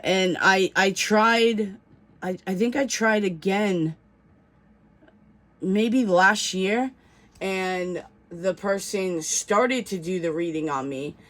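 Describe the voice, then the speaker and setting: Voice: medium pitch, a bit bright. A tarot reader talking casually in a video, telling a rambling story full of fillers and restarts, with slang and the odd swear word.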